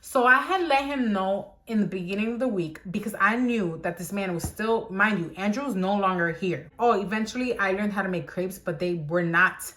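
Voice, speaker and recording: A young woman telling a casual storytime, animated and exclamatory, acting out the dialogue as she goes. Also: medium pitch, normal speed, hardly any pauses. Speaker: vlogger.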